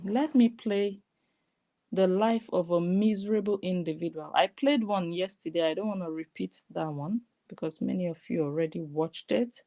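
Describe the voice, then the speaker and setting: A woman's voice: mid-range voice, normal speed, dark tone. A woman, giving mocking, scolding reaction commentary on clips she plays. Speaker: online commentator.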